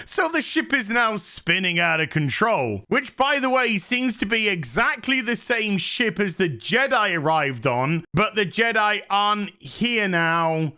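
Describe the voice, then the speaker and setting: High, bright sarcastic man. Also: expressive, unhurried, hardly any pauses. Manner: sarcastic, exasperated, swears often. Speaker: show reviewer. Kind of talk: ranting review vlog.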